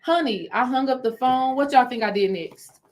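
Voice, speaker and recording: A woman's voice: sits high, normal speed. A woman coaching on spiritual healing, telling a story on a livestream, talking straight to her viewers and repeating phrases for emphasis. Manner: animated, repeats phrases, talks to viewers directly.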